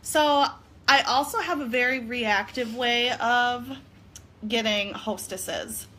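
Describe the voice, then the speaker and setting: Bright-voiced chatty woman streaming live. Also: fairly high pitch, slow. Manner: chatty, giggly, says "like" a lot. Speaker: direct sales consultant. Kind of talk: casual live-stream chat.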